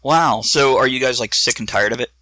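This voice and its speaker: A man's voice: medium pitch, a little fast, bright, forceful tone, no echo. Joking male podcast host. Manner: joking, teasing. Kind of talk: casual interview chat.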